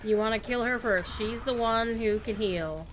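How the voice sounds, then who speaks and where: A woman's voice: a little high, normal speed, a little hiss or hum. A woman streamer giving wry, chatty commentary while playing a game. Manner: chatty, wry, throat-clearing. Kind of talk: casual gameplay commentary.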